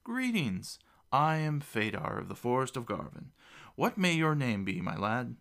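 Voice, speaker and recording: A man's voice: medium pitch, sing-song, unhurried, creaky, a bit bright, full character voice. A man voicing an ancient, small male gnome ambassador who is playful and grandly formal. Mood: courtly. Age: older. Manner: mischievous, theatrical, grandly formal.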